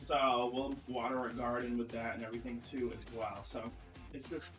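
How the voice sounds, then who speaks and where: A young man co-casting an esports stream with playful deadpan jokes. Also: medium pitch, normal speed. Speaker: esports caster. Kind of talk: casual co-casting banter. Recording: roomy echo, faint music.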